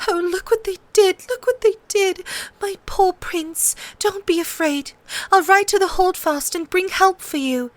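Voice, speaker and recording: A woman's voice: very high-pitched, a little slow, no echo, voice pushed up. A woman voicing a tender young noble girl who pleads through tears. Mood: tearful. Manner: pleading, sobbing, emotional.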